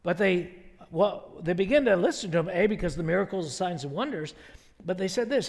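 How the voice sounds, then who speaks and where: A man's voice: high voice, animated, brisk. A male pastor preaching a sermon in a conversational, emphatic way, full of rhetorical questions. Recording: long hall reverb.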